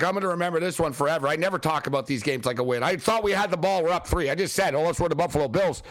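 A man hosting a late-night sports radio show, ranting and joking in an excitable, wisecracking way. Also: high-pitched, no room sound, studio quality.

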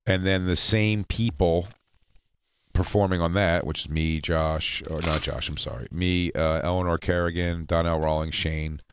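A man's voice: deep voice, steady tone, moderate pace, clear, resonant tone. A man co-hosting a podcast, chatting casually and telling rambling, jokey stories in a studio. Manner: rambling, joking storyteller. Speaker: podcast co-host. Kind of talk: casual comedy chat. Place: radio studio.

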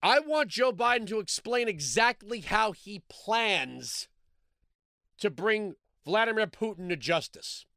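Sarcastic high-voiced male radio host. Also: expressive, slow pace, sharp tone. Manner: sarcastic, combative, repeats lines for emphasis. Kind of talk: opinion talk radio monologue.

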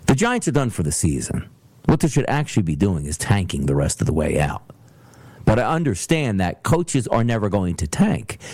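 A man hosting a solo sports talk show, ranting in an animated way and slipping into mocking voices. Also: medium pitch, no room sound. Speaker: sports podcast host.

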